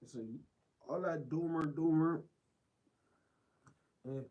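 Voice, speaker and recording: A male streamer with a mid-pitched voice talks straight into his stream. He is blunt and rambling and keeps looping back over the same phrases as he reacts to clips. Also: fairly even intonation, moderate pace, lo-fi sound. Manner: blunt, rambling, repeats himself. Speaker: live streamer.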